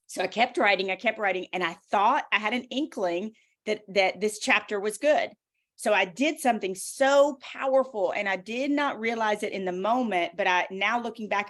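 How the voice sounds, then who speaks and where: A woman with a Southern US accent shares personal stories as an interview guest, her voice sitting at an ordinary middle pitch. She talks in an animated, motivational way and leans into each point. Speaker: author guest. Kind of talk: casual interview talk.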